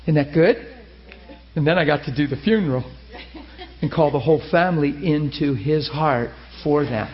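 A man preaching a sermon, telling a story with lively acted-out quotes. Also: a little high, normal speed. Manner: animated, acts out quoted voices. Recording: muffled lo-fi sermon recording.

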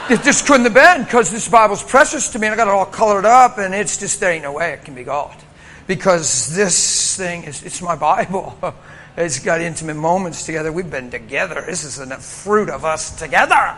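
A pastor telling a story in a sermon, animated and acting out voices, laughing often. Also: male voice, a little high, fairly quick, a little hiss or hum. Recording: hall reverb, faint ambience.

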